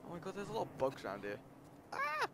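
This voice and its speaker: A young man giving casual let's-play commentary, excitable and jumpy, talking to himself and yelping when scared. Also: very fast. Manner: excitable, jumpy, talks to himself, breaks into high panicked yelps. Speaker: gameplay streamer. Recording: loud game ambience and insect noise behind.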